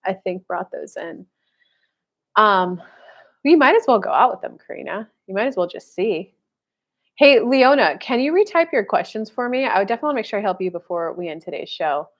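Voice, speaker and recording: A woman's voice: mid-range voice, very animated, brisk. Chatty woman host, casual and blunt. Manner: chatty, heavy "like" fillers, blunt with casual swearing. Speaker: spiritual dating coach. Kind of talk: casual live-stream chat answering viewers.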